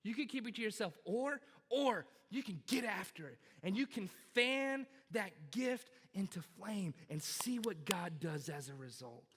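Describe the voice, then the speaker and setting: A male pastor with a strikingly high voice delivers a sermon in an emphatic, repetitive style. His delivery is bright and forceful as he drives his points home to the congregation. His voice rings with the long reverb of a large church hall. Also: expressive, measured pace, few pauses, slightly rough. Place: church auditorium.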